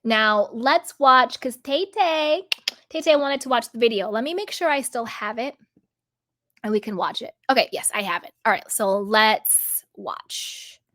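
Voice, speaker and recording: A woman's voice: on the high side, lively intonation, normal speed, sharp tone. A woman giving casual, emphatic commentary, asking rhetorical questions.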